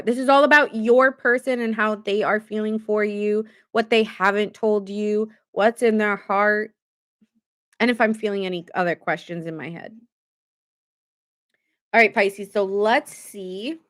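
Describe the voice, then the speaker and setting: A woman's voice: mid-range voice, fairly even intonation, a little slow, fairly bright tone. Chatty woman giving a live tarot reading. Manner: chatty, laughs often, acts out quoted voices. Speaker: tarot reader streaming live.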